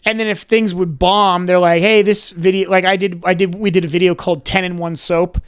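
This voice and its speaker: A young man in his twenties telling stories as a podcast guest. He is animated and rambling, and keeps slipping into character voices. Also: high-pitched, a little fast, smooth. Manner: rambling, with many restarts and "like"s. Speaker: guest, comedy content creator. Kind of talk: casual podcast chat.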